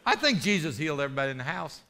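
A man preaching a lively testimony sermon, telling a story with shouts and laughter. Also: a little high, racing. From rural ranch background.

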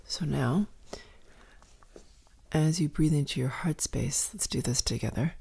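A woman guiding a meditation in a soft, slow, often whispered voice. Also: sits low, creaky, husky. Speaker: meditation guide. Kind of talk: guided meditation.

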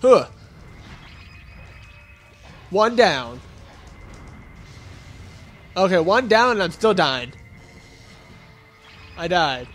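A man's voice: sits high, very animated, slow, pauses often, a bit bright, soft background music. A young man giving casual, jokey commentary while playing a video game, grunting and yelping when hit and talking back at the enemies. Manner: goofy, grunting and yelping at hits; jokey self-talk to the enemies. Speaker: let's play gamer.

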